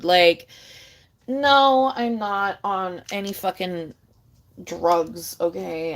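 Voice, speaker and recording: A young woman vlogger ranting casually to camera, swearing a lot and rambling, with big jumps in pitch and loudness. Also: normal speed.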